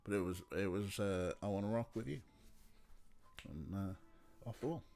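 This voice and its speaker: A man's voice: low-pitched, moderate pace, vocal fry, a little mellow. A man streaming a game, chatting casually in a rambling, filler-heavy way. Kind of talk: casual let's play chat.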